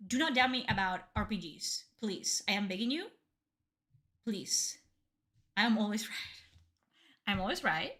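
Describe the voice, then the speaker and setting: A woman's voice: medium pitch, big pitch swings, a little slow, pauses often, pushed and bright. A young woman streaming a game reaction, talking bluntly and emphatically with heavy swearing.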